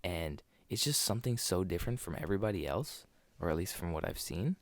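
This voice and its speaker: Recorded dry on a desk podcast mic, this co-host chats casually about movies, rambling and often restarting sentences. His low voice is animated and a little fast.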